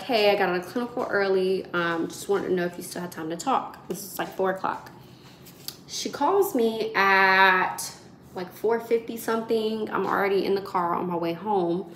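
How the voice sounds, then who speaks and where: A woman in her twenties, a nursing student, telling her viewers a story in a chatty, animated way. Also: medium pitch, slight background noise. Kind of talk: casual vlog storytelling. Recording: roomy echo.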